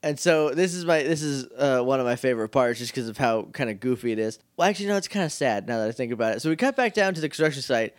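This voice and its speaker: A young man co-hosting a podcast, chatting casually about a TV episode and acting out characters in quick asides. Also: mid-range voice, expressive, dry recording, clean studio sound. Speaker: podcast co-host. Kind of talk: casual chat recapping a TV episode.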